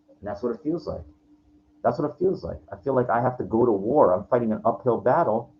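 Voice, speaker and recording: Speaking a little fast in an expressive mid-range voice, a man in his forties swears his way through a personal rant for his vlog. He wanders, restarts repeatedly, and adds frustrated asides, recorded lo-fi with faint background noise.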